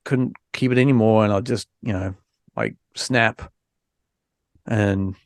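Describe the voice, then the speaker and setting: A man hosting a podcast, chatting frankly with lots of fillers and restarts while low on energy after an illness. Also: fairly even intonation, slow pace, no echo, studio quality. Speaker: podcast host. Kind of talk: casual podcast chat.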